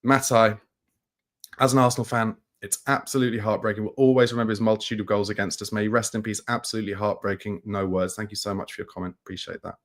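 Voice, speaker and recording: A man hosting a football livestream, speaking in a somber, halting way with many restarts as he reads and answers viewer comments. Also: on the low side, flat delivery. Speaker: football channel host. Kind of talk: live-stream chat reading viewer comments.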